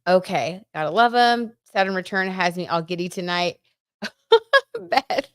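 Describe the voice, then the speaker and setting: A woman's voice: lowish voice, normal speed, a bit bright, clear, resonant tone, no room sound, clean studio sound. A young woman hosting a casual livestream, chatting about astrology and celebrity gossip, reading viewer comments in a gushing, chatty way with lots of fillers. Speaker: livestream host reading chat.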